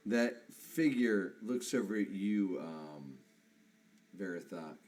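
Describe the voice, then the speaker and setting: A man narrating as game master of a tabletop game, matter-of-fact and deliberate. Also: low-pitched, lively intonation, darkish tone.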